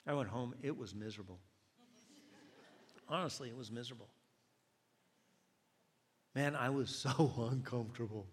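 A man's voice: mid-range voice, normal speed, long pauses, slightly rough, in a large hall. An older man preaching a sermon as pastor, telling a story and acting out the dialogue with self-deprecating humor.

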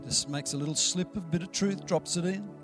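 A man's voice: high voice, brisk, music in the background. A man preaching a sermon in a conversational, storytelling way, acting out the dialogue he quotes. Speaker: pastor.

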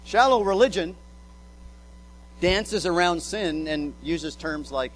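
A man's voice: fairly high pitch, animated, slow pace, slight background noise, low-quality recording. A male pastor preaching a sermon, emphatic, repeating words as he drives points home and acting out quotes.

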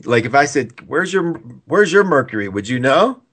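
A man's voice: mid-range voice, sing-song, normal speed, a bit bright, slightly rough. A man hosting an astrology call-in show, talking in a chatty, affectionate, rambling way. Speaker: radio show host and astrologer. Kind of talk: casual call-in chat.

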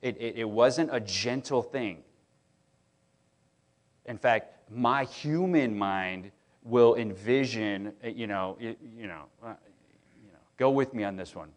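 A middle-aged man preaches in a loose, conversational way. He gets animated as he tells stories and trips over restarts. His voice sits at an ordinary middle pitch. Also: slow, long pauses. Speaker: pastor. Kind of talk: sermon.

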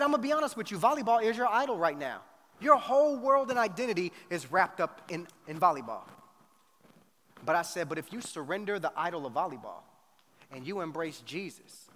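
A middle-aged man preaching a storytelling sermon, animated and slangy, acting out both sides of a conversation. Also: fairly high pitch. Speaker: pastor. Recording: faint noise, long hall reverb.

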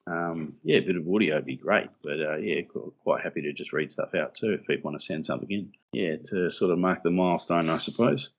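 Deep-voiced joking man, muffled sound. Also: a little fast, few pauses, slightly rough. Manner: joking, chuckling, loose rambling asides. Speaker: podcast co-host. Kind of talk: casual chat about scripture. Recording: dull lo-fi sound.

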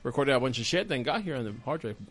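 A man with a Puerto Rican accent, Spanish being his first language, spins a rambling story in a relaxed chat. He swears freely and bursts into loud acted-out quotes. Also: mid-range voice, quick pace. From Puerto Rico. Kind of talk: casual chat.

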